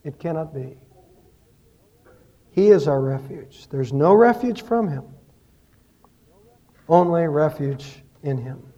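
Pastor guy preaching, high voice, dull lo-fi sound. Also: lively intonation, slow pace, long pauses, warm tone. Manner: preaching with rising and falling emphasis, storytelling. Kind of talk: sermon.

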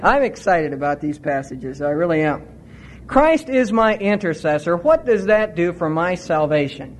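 A middle-aged man preaching a sermon, earnest and growing excited as he teaches from scripture. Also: moderate pace, slight background noise. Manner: earnest, rises in pitch when excited.

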